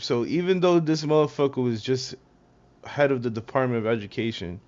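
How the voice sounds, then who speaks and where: A man's voice: mid-range voice, brisk, a little mellow. A man giving casual, profane reaction commentary in a slangy way, laughing often. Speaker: reaction streamer. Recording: dull lo-fi audio.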